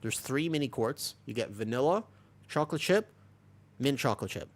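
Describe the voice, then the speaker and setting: A man's voice: mid-range voice, lively intonation, fairly quick. Rambling young man streaming live. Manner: rambling, restless, full of restarts and swearing. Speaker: Twitch streamer. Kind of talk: casual live-stream chat.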